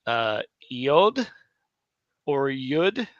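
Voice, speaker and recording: A man co-teaching a live alphabet lesson, talking slowly and unhurriedly. His voice is bright and forward, and the sound is dry and close. He is chatty, laughs easily and corrects himself often. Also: medium pitch, big pitch swings, no room sound, highs cut off. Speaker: Hebrew class co-teacher.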